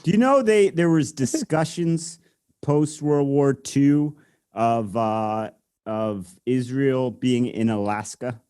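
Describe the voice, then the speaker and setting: A man's voice: medium pitch, slow, dark tone, clean tone, no echo, clean studio sound. A man co-hosting a casual podcast chat, explaining things at length with many filler words. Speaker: podcast co-host.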